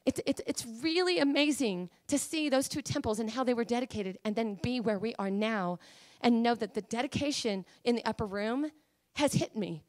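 A woman preacher giving an emotional, passionate sermon, swinging between hushed talk and fiery proclamation. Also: on the high side, moderate pace, hardly any pauses, no echo. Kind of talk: Pentecostal-style sermon.

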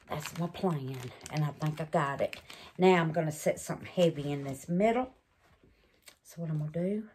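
A woman's voice: low-pitched, a little mellow, slight background noise. A woman chats through a resin craft demo, exclaiming and calling her viewers babies. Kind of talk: casual craft demo chat.

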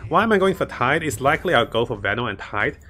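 A man's voice: mid-range voice, very animated, fast talker, pushed and bright. A man commentating his own strategy game live, chatting to viewers and laughing often. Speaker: streamer playing a strategy game.

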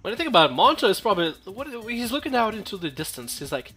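A man's voice: high-pitched, lively intonation, fast, few pauses, sharp tone, soft background music. A young man giving casual, joking gameplay commentary, full of profane trash talk and rambling asides.

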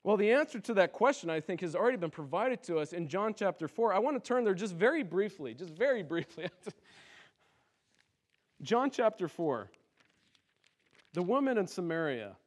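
High-voiced impassioned male preacher. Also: big pitch swings, moderate pace, pauses often. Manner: impassioned preaching, rising to loud cries then dropping low. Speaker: pastor. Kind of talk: sermon. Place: church sanctuary.

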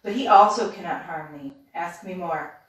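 A fierce, snappish old witch from a storybook, as a woman reads her part, drawing out her archaic words slowly and menacingly. The voice rings in a very echoey room, caught from well away from the mic. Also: lowish voice, close to an everyday voice. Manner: slow, grinding, archaic speech. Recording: roomy, distant mic.

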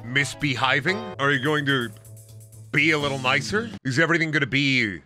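A man's voice: medium pitch, normal speed, bright, forceful tone. A young man streaming a video game, joking and reading lines aloud as he plays, over faint game music. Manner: joking, reads lines aloud in mock voices. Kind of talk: casual gaming stream commentary.

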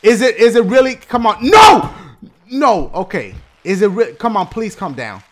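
A man hosting a gaming video, giving loud, slangy, profane play-by-play and shouting at the game. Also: sits high, big pitch swings, fairly quick. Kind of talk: excited gameplay commentary.

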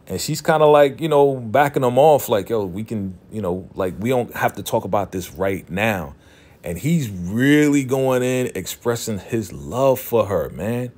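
A man's voice: mid-range voice, expressive, a little slow, darkish tone. A man casually recapping a TV episode, slipping into the characters' quoted lines and talking straight to his viewers in slang. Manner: retells scenes by half-acting the characters' quoted lines.

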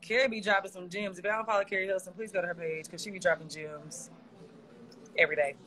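A woman's voice: on the low side, steady tone, quick pace, fairly bright tone, rough recording. Playful woman chatting on a live stream. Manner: affectionate, playful, laughs often. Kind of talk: casual live stream chat.

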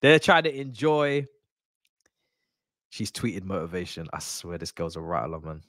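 Man, football fan host, excitable chatty watch-along talk, dry close sound. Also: low voice, measured pace, no echo. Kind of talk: live match watch-along commentary.

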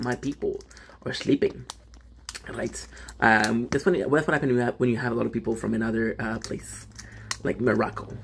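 Gravelly French Canadian man streaming live. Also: mid-range voice, a little mellow, a little hiss or hum. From Quebec, Canada. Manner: chatty, greets viewers by name, rambling with restarts. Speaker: livestream host. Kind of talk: casual livestream chat.

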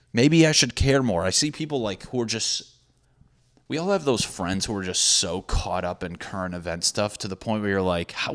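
A young man hosting a comedy podcast, rambling in a profane, sarcastic monologue full of quick asides. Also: fairly low pitch, fairly bright tone. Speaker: podcast host. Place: apartment building with hammering neighbors.

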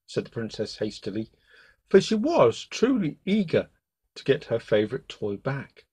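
A man reading a classic fairy tale aloud as a bedtime storyteller, with expressive read-aloud delivery. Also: mid-range voice, measured pace, breathy edge.

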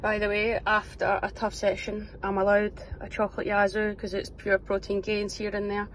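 At a normal pace and in a monotone, mid-range voice, a young Scottish woman vlogs her day as a professional footballer, with slight background noise. She jokes about herself to her phone camera, chatty and upbeat, and whispers in the early morning; it's filmed indoors at home and at training.

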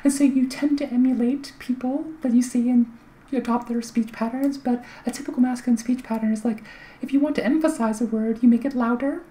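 A woman's voice: fairly high pitch, fairly even intonation, fairly quick, warm tone, rough recording. Light-voiced woman explaining things casually. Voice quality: light voice with little volume. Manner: chatty, thoughtful, with frequent fillers and restarts. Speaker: vlogger giving voice tips.

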